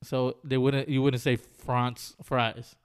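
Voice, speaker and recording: A man's voice: mid-range voice, little pitch movement, slow pace, smooth. Laughing, teasing male podcast co-host. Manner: joking, teasing, laughs often. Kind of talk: casual chat.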